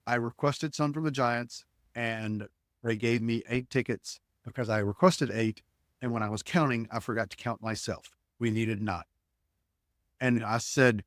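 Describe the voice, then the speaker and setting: A middle-aged man spins a story for a podcast, his voice sitting at an ordinary pitch for a man. He animates the tale by acting out what each person said. The sound is dry and close, with no room around it. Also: moderate pace, no echo. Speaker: podcast guest, ticket broker. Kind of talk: storytelling in conversation.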